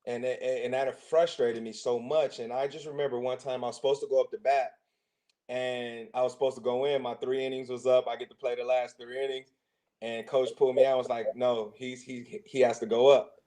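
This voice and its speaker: A man trades casual stories as a podcast guest, and he keeps acting out what the people around him said. His pitch sits in the middle for a man. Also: a little fast. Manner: lively anecdotes, acting out quoted voices. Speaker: guest, former football player and coach. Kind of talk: casual storytelling.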